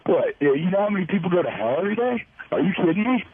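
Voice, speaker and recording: A man putting on a spacey, stoned male witch calling in, drawling slowly over a phone line. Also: high-pitched, very animated, slightly rough, voice pushed up, full character voice.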